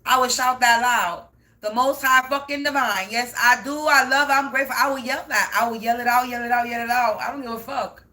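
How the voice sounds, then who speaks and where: A woman's voice: on the high side, fairly even intonation, fairly quick, sharp tone. A woman spiritual reader talking to camera in an unscripted, profane rant, stressing points by repeating them. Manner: profane, emphatic, repeats herself. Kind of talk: unscripted ranting monologue.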